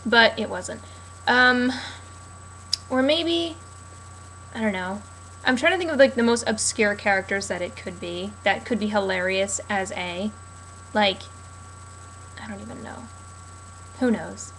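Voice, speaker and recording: A woman's voice: mid-range voice, lively intonation, measured pace, long pauses, fairly bright tone, slight background noise, poor audio. A young woman rambling casually and sarcastically about a TV episode, with lots of fillers. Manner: chatty, sarcastic, many fillers. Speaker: TV recap vlogger.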